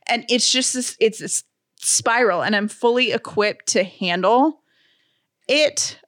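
A woman's voice: mid-range voice, a bit bright, no echo. Candid woman podcast co-host, dry mic. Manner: candid, self-deprecating, talks in quick bursts. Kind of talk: casual chat.

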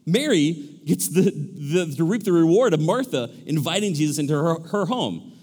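A male pastor preaching a sermon in a lively, animated way, acting out characters with shifting voices. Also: on the high side, normal speed. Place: large church hall. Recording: echoey church hall.

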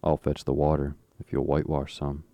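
A man's voice: rumbling low, completely flat delivery, fairly quick, gravelly, mellow, no room sound. A man reading the lines of a coaxing, scheming boy in an audiobook.

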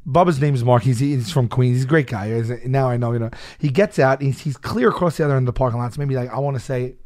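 A man telling a story in casual chat, animated and laughing often, acting out shouted quotes. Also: medium pitch, fast talker.

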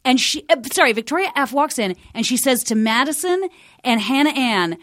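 High-voiced woman recapping a scene. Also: expressive, brisk, fairly bright tone, no echo, clean studio sound. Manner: retells scenes in detail, quoting people. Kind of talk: casual chat.

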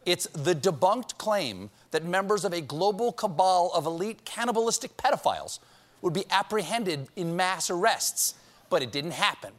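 A man's voice: high voice, lively intonation, moderate pace. Man doing a punchy comedy monologue. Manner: punchy joke delivery with sarcastic asides. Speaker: late-night talk show host. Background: studio audience laughing.

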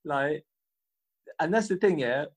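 A man co-hosting a podcast, chatting casually and telling an animated story, swearing freely and acting out the voices of people he quotes. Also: a little high, slow. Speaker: podcast co-host. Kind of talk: casual chat.

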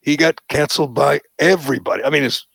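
A man's voice: on the high side, fast talker, vocal fry, no echo. A man hosting a podcast, giving opinionated political commentary and mocking the people he quotes. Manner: animated, mocking quoted voices. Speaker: podcast host.

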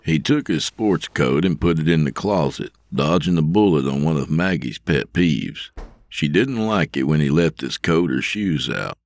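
A man narrating a scripted fiction podcast in a steady, measured storytelling manner, close to the mic. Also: rumbling low.

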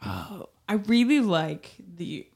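Woman, young adult, mid-pitched, podcast host, casual book chat, animated, laughs, mock character voices. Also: takes it slowly, vocal fry. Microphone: podcast microphone.

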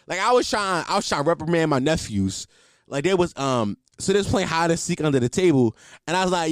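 A young comedian tells comic stories in a loose, slangy style, laughing often and swearing freely. His voice is fairly high and animated, his pace brisk. The recording is clean studio sound with no room sound.

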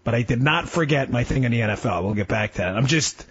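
A middle-aged man filling in as a talk radio host, delivering a fast, sarcastic, rambling political monologue. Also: mid-range voice, lively intonation, husky. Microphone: studio microphone. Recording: slightly muffled radio broadcast.

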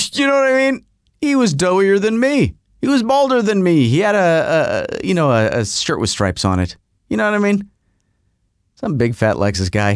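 Podcast host, man, slightly high voice, animated and rambling, casual monologue. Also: moderate pace, clear, resonant tone, no echo, clean studio sound. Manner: animated, rambling storyteller with self-interruptions.

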